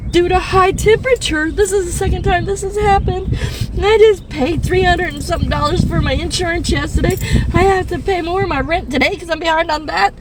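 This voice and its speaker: A woman in her fifties, crying and distressed, venting from her parked car with halting, swearing speech and nervous laughs, recorded on a phone. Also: very high-pitched. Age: 50s. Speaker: rideshare and delivery driver. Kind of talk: tearful venting video. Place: parked car in a fast-food parking lot.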